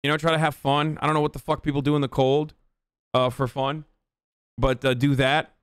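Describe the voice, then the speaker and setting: A man's voice: on the high side, little pitch movement, brisk, a bit bright, clear, resonant tone, no room sound, studio quality. A man streaming live, ranting with heavy profanity and answering his chat. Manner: reads viewer chat aloud and answers it. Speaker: livestreamer. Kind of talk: livestream rant and chat replies.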